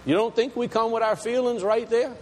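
A man preaching a sermon, dramatic, swinging between loud exclamations and hushed lines, in a large church. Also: extremely high pitch, fairly even intonation, fairly quick. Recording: long hall reverb, faint room noise.

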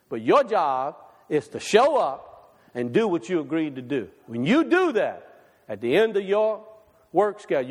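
A man preaching a sermon to his congregation, folksy and conversational, swinging between loud and quiet. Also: on the high side, long reverb tail. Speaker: pastor. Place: church sanctuary.

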